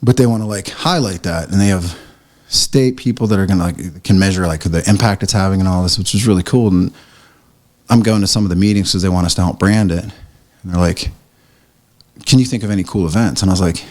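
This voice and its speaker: A man's voice: low-pitched, brisk. A man from the area, a print shop owner telling a story as a podcast guest, laughing and acting out what people said. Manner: animated, laughing, acts out quoted lines. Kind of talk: casual storytelling chat.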